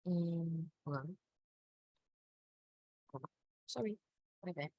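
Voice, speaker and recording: A woman's voice: on the low side, takes it slowly, dry recording, highs cut off. A woman teaching a Mandarin lesson, patiently checking understanding. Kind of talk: online language lesson.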